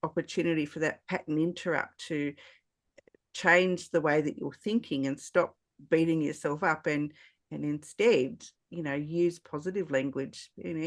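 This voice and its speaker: Supportive podcast host man, higher voice. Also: steady tone, normal speed. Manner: supportive, adds reflections with "you know" fillers. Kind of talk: casual interview talk.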